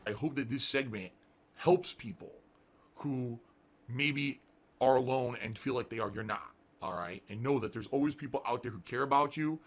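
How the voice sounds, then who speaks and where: A man's voice: mid-range voice, moderate pace, slightly rough. A middle-aged man streaming live, ranting and at times sarcastic as he talks to his viewers. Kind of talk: livestream talk.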